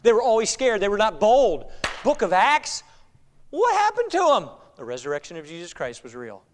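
Middle-aged male pastor, high voice, sermon delivery, emphatic and animated, drops to a hush for effect. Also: brisk. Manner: animated, swings from loud emphasis to quiet intensity.

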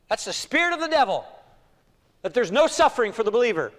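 Animated preacher with a high, lively voice. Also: male voice, fast talker. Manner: animated, acts out quoted voices. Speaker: pastor. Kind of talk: expository sermon. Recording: long hall reverb.

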